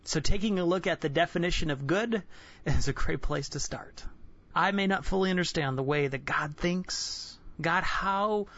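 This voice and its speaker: A man in his twenties giving an earnest, candid personal devotional sermon, halting and restarting often. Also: a little high, fairly bright tone, no room sound. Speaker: Christian devotional speaker. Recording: dull lo-fi dry recording.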